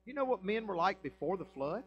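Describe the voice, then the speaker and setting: Preacher guy, high voice, punchy, asks the crowd questions, gets loud then drops quiet. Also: very animated, fairly quick, muffled recording, a little hiss or hum. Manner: emphatic preaching with rhetorical questions and swings in loudness. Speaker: pastor. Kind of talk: sermon. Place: church sanctuary.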